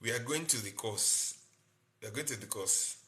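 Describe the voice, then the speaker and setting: A man's voice: medium pitch, normal speed, pushed and bright. A man, a doctor hosting a live-stream health talk, explaining in short repeated phrases and greeting viewers by name.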